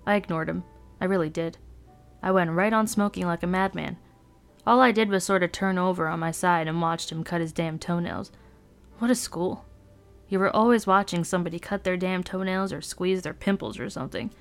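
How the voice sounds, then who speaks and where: A woman's voice: fairly low pitch, steady tone, fairly quick, faint music behind. A woman podcast host reading a first-person novel aloud in a brooding, sardonic narration.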